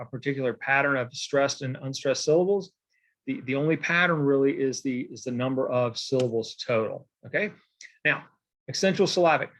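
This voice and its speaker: A man teaching a poetry lesson in a casual, rambling way, full of fillers and frequent "okay?" check-ins while he marks examples by hand. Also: medium pitch. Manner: writes on a board while explaining. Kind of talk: recorded lecture.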